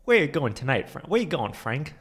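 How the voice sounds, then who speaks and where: A man's voice: a little high, big pitch swings, a little fast, fairly bright tone, husky, heavily acted. A man imitating a sly father who needles with repeated, teasing questions. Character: needling middle-aged father, sly and prodding.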